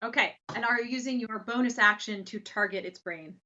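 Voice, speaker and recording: Bright-voiced woman running a tabletop game. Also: fairly high pitch, fairly quick, lo-fi sound, slight background noise. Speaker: game master.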